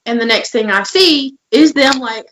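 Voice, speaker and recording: A woman's voice: a little high, moderate pace, fairly bright tone, a little hiss or hum, poor audio. A woman co-hosting a podcast in casual chat, telling candid, emotional stories. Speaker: podcast co-host.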